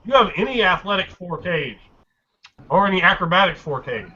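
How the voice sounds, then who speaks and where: A man narrating a tabletop game as game master, describing scenes with halting fillers and restarts. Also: high voice, sing-song, pushed and bright, husky. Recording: dull lo-fi recording, faint noise.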